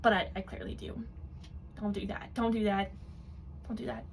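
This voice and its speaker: A woman's voice: mid-range voice, little pitch movement, normal speed, gravelly, slight background noise. Sarcastic woman ranting on camera. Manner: mocking, exasperated rant. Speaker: commentary video host. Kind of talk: sarcastic commentary.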